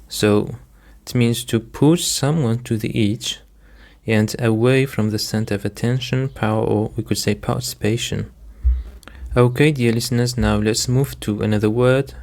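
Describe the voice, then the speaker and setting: Guy teaching english words real slow, says each word twice, lots of um, talks to his dear listeners. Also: mid-range voice. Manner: patient, repeats words and stresses, frequent "um" and "dear listeners". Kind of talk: slow, deliberate vocabulary lesson.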